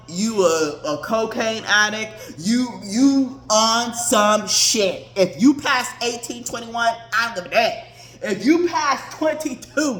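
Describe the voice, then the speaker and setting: A woman hosting a podcast, ranting in a blunt, profane casual monologue. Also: a little high. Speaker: podcast host. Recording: roomy echoey recording.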